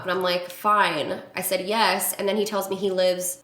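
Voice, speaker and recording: A young adult woman vlogger telling a story to camera in a casual, animated and exasperated way. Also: medium pitch, moderate pace, few pauses, echoey room. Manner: animated, exasperated retelling with acted quotes.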